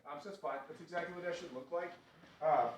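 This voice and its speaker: A man's voice: on the high side, fast, recorded from a distance. A man working as a dog trainer, coaching a dog owner through commands in an easygoing way with many fillers. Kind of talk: instructing an owner during a training session. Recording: roomy sound from away from the mic, faint noise.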